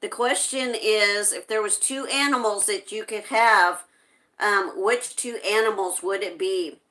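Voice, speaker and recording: Slow-talking woman hosting a livestream. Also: medium pitch. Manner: reads viewer comments aloud and answers them; gentle, with frequent hesitations. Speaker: livestream host. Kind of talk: casual livestream chat.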